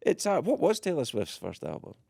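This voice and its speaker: A Scottish man, a guest comedian in a radio interview, talking playfully and quickly with stammered restarts. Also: on the high side, huge pitch swings, vocal fry, warm tone, breathy edge, no room sound. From Scotland. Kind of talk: casual radio interview banter. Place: radio studio.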